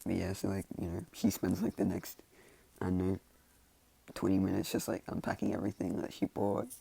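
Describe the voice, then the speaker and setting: A man with a low, deeply gravelly voice rambles casually through a made-up story. His tone is dark and husky, and the dry sound sits close and plain. He keeps stopping and restarting, padding it all with "like" and "you know.". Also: little pitch movement, fairly quick. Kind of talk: casual storytelling of fan fiction ideas.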